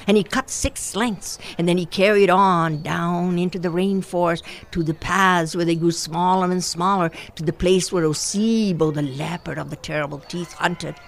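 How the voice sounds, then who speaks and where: Lady telling an old folktale, rhythmic, lots of repeating, expressive. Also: lowish voice, normal speed, gravelly, hardly any pauses. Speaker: storyteller. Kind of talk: oral folktale storytelling.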